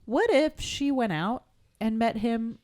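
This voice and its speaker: A woman's voice: fairly high pitch, takes it slowly. A woman co-hosting a podcast in casual chat, joking and acting out quotes. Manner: animated, jokey, acts out quotes. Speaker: podcast host.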